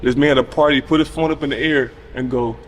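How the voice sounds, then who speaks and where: A man in his thirties tells a story at a quick clip. He acts out everyone's lines with lively, loose energy and casual cursing. A faint ambience hangs behind him. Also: mid-range voice, a little hiss or hum. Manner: animated retelling with quoted voices, casual cursing. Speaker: podcast guest.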